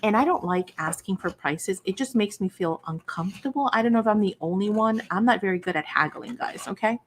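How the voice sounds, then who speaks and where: A middle-aged woman chats on a craft livestream in an easygoing, talkative way. She slips into the voices of people in her stories and pokes gentle fun at herself with folksy asides. Her pitch sits in an ordinary middle range. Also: a little fast, a little hiss or hum. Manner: chatty storyteller acting out quoted dialogue; self-deprecating, folksy fillers. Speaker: craft channel host. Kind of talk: casual livestream chat.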